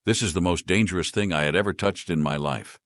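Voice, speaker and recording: A man voicing an agitated young woman mage who yells and growls in a raised voice. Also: sits low, expressive, normal speed, no room sound. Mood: angry. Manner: yelling, agitated. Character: furious young woman mage, shrill temper.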